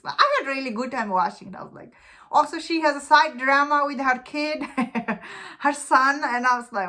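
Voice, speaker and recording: Bright, chatty woman reviewing a show. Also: high-pitched, normal speed. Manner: chatty and enthusiastic, many fillers and restarts; loose, informal English phrasing. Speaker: movie reviewer. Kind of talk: casual spoken review.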